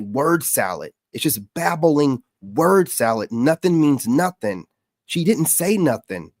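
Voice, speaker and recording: A gravelly-voiced man rants in casual reaction commentary, his pitch leaping around as he mocks what he hears. The sound is dry and close, with no room around it. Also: no room sound. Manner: mocking, dismissive, animated. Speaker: commentary host reacting to clips.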